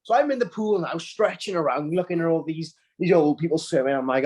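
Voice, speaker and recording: A teenage man chatting as a podcast guest and telling animated, self-mocking stories with quick laughs and restarts. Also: a little high. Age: teens. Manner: animated storytelling, laughs and stumbles. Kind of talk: casual podcast chat.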